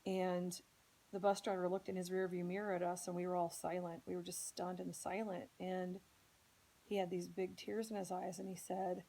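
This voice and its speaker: A woman's voice: lowish voice, little pitch movement, moderate pace, warm tone, low-quality recording. A woman from Indianapolis earnestly telling a personal story as a podcast host, speaking with strong emotion. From Indianapolis, United States.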